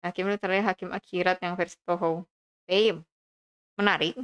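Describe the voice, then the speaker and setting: A woman's voice: lowish voice, little pitch movement, brisk, background noise. A woman from Indonesia, a streamer chatting casually and playfully with viewers during a game.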